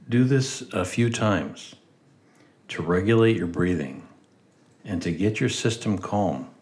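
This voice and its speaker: Deep-voiced guy, talks real slow, calm guided prayer meditation. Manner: calm, unhurried instructions. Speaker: meditation leader.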